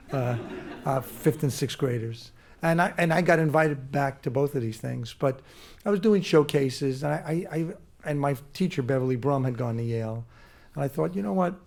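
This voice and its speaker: A man being interviewed on stage as a guest actor, talking in a halting way with many restarts and fillers. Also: medium pitch, gravelly, a little mellow. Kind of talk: casual interview on a live stage. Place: theater stage before a live audience.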